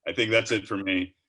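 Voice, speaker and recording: A man's voice: lowish voice, bright, forceful tone, slight background noise. A man doing a rambling, profane comedy roast set with jokey asides.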